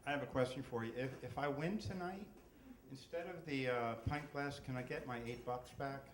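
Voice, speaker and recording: A man's voice: medium pitch, moderate pace. A man in his sixties from southeastern Pennsylvania telling a personal story at a live story slam, chatty and full of stammered restarts. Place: stage in a room with an audience. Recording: echoey live room, faint noise.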